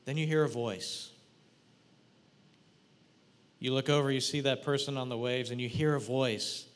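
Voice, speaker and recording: A man preaching a sermon, leading his congregation through a guided imagining, talking to them directly in an animated, playful way. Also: medium pitch, a little slow, long pauses, in a large hall.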